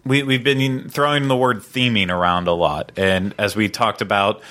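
Male podcast host, somewhat low voice, casual rambling chat, filler-heavy, playful. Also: fairly even intonation, normal speed, bright, forceful tone.

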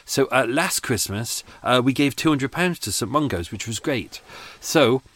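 A man's voice: mid-range voice, animated, a little slow, a bit bright, no echo. A middle-aged man hosting a podcast in a casual, rambling chat full of fillers and restarts, talking outdoors by his boat. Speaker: podcast host.

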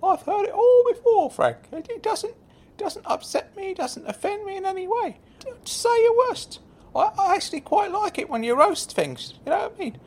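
A man voicing a grown man with a squeaky, high-pitched silly voice in an audio sitcom, mild and stammering. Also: very animated, moderate pace, a little mellow, full character voice. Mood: egging on. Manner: mild, stammering, good-natured.

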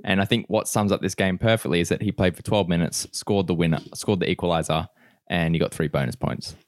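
A man co-hosts a fantasy football chat with plenty of banter and laughter. His voice is very low. The sound is dry and close-miked. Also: steady tone, fast, no room sound. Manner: laughing, banters about matches. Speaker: podcast co-host.

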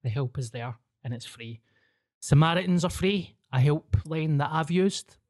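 He speaks a little high at a moderate pace, with a slightly mellow tone. Co-hosting a podcast in a Scottish accent, he chats casually, jokes bluntly and swears freely.

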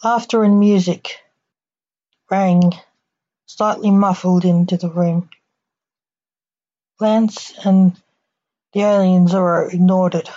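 A woman reading a short story aloud in plain, unhurried storytelling, as a podcast storyteller, on a dull lo-fi recording. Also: fairly low pitch, fairly even intonation, mellow.

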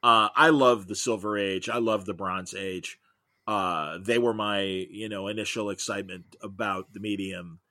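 A middle-aged man talks as a guest in a relaxed interview. He rambles through long stories with real enthusiasm, and his voice sounds bright and lively. The sound is close and dry, with no room around it. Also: lowish voice, moderate pace, no echo. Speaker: guest, comics podcaster. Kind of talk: casual interview chat.

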